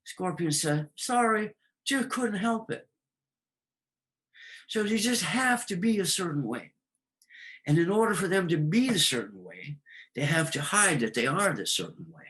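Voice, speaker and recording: A man explains astrology in a relaxed, rambling way, telling stories as he goes. He pauses often with ums and uhs. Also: a little high, poor audio. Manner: storytelling, hesitant with fillers. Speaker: astrologer guest. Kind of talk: casual explanatory talk.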